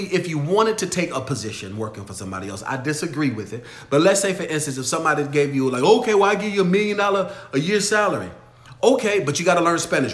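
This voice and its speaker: A man hosting a motivational livestream Q&A, talking emphatically, swinging from loud exhortation to low storytelling. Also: expressive, quick pace, echoey room. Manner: emphatic, preachy, shifts from shouting to low storytelling. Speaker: livestream host answering viewer questions.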